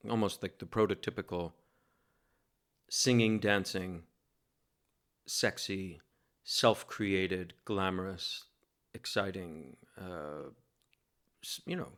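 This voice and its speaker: A man from New York City, a guest telling a lively, self-mocking story in a casual interview and laughing as he goes. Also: sits low, takes it slowly, pauses often.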